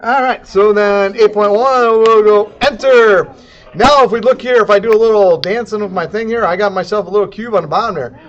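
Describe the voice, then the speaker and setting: A man giving a casual, jokey software tutorial, throwing in sound effects and silly asides. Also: high-pitched, a little fast, lo-fi sound. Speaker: CAD instructor. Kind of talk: casual screen-recorded tutorial.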